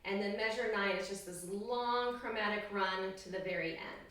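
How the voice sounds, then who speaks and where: A woman's voice: mid-range voice, moderate pace, a bit bright. A woman oboe teacher explains an etude in a cheerful, encouraging way, now and then singing the rhythms aloud. Her voice sits in a middle range. The mic is a little way off, and the room gives a strong, ringing echo. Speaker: oboe professor. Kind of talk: instructional music lesson. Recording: very echoey room, distant mic.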